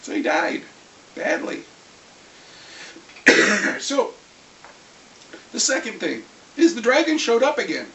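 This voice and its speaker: A vlogger getting over a cold, clearing the throat, telling a rambling, lively story about a tabletop game in a casual rant. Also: medium pitch, slow, long pauses. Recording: echoey room, far from mic, faint hiss.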